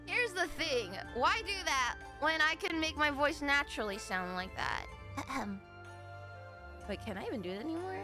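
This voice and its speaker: Giggly squeaky-voiced woman streamer. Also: moderate pace, over music. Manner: giggly, animated, swears freely. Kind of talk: casual live-stream chat with viewers.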